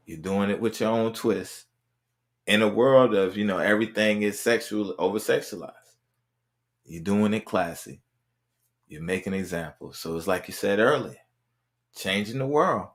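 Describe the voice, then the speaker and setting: A man hosts a podcast interview with a lowish voice, measured pacing, and long pauses. He keeps things casual and encouraging, returning again and again to affirmations such as "right."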